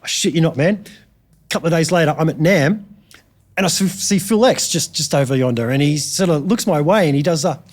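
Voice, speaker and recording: A middle-aged Australian man, a guitarist guest telling frank, animated stories in a casual chat. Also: on the high side, brisk. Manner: animated storyteller, frank and chatty.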